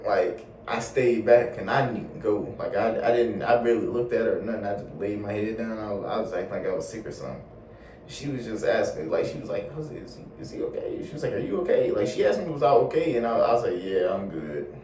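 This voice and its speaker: A young man telling a casual storytime vlog in slangy, animated talk full of swearing. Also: fairly low pitch, far from the mic, slight background noise. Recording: roomy echo, a bit off mic, faint ambience.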